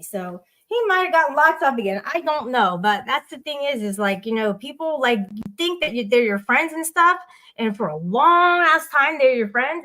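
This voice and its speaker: A woman's voice: sits high, fairly bright tone. A woman hosting a live audio chat room, rambling and blunt, swearing casually as she addresses listeners.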